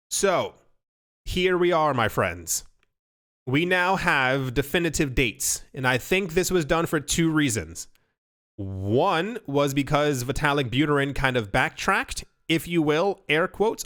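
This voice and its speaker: A man's voice: a little high, fairly bright tone. A man hosting a casual crypto news commentary, rambling and restarting his sentences often. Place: home recording setup. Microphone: studio mic.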